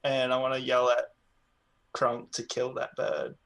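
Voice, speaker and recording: A man's voice: medium pitch, monotone, measured pace, fairly bright tone. Earnest man playing a tabletop game. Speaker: player. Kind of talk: casual tabletop play. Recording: faint background noise.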